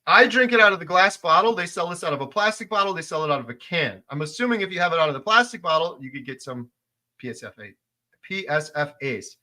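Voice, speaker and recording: Speaking quickly in a slightly high, animated voice, this middle-aged livestream host reads viewer comments aloud during a casual stream. His manner is emphatic, and his volume climbs whenever he makes a point.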